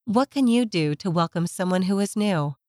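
A woman narrating a children's story in a gentle, measured scripted reading. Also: medium pitch, expressive, no echo.

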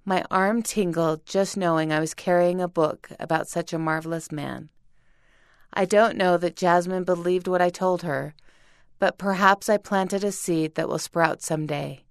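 Smooth-voiced woman reading a story. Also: on the low side, fairly even intonation, normal speed, no echo, clean studio sound. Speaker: reader. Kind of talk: scripted narration of a first-person story.

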